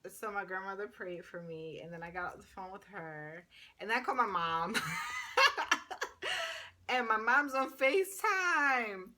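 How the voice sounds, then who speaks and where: A woman's voice: mid-range voice, normal speed. A woman in her thirties, a paramedic student, telling a story in a casual, chatty vlog. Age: 30s. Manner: chatty, animated retelling full of "like".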